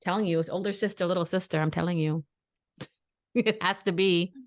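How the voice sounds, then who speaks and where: A woman co-hosting a casual podcast. She is a mother and talks bluntly, giving animated opinions and telling stories. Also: on the low side, moderate pace. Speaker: podcast co-host. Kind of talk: casual chat.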